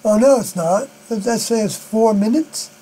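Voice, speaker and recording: Man, high voice, rambling solo live-stream talk, halting with fillers, mains hum under it. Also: dark tone, low-quality recording. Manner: halting, many fillers and unfinished sentences.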